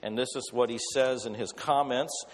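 A man's voice: mid-range voice, fairly even intonation, moderate pace. A man preaching a sermon, telling Bible stories in a conversational way and acting out the voices of the characters. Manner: storytelling with acted voices, conversational. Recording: long reverb of a hall.

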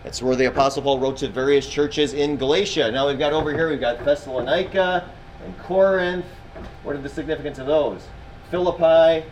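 A man's voice: on the high side, brisk, darkish tone, a little hiss or hum, rough recording. A man teaching a Bible class in a classroom, talking casually, quizzing his students and often restarting his sentences.

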